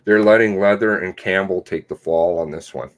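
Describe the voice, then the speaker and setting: A man hosting a casual livestream, reading and commenting on articles in a sarcastic, mocking way, with loud outbursts and low mutters. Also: normal speed. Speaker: livestream host.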